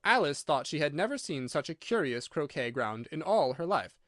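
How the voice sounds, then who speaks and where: Male narrator, audiobook, expressive, lively pitch, dry close sound. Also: moderate pace, no echo. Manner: expressive reading. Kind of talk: scripted narration.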